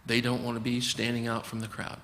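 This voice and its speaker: Gravelly man explaining earnestly. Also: mid-range voice, monotone, brisk, a bit bright, long reverb tail. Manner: earnest, acts out dialogues with patients. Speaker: physician guest. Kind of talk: conversational explaining.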